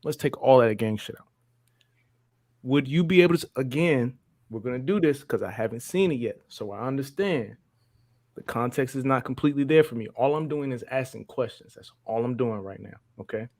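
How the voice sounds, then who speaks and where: Male host, mid-pitched, insistent, keeps circling back to his question. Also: expressive, normal speed, a little mellow. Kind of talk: moderating a live-stream discussion.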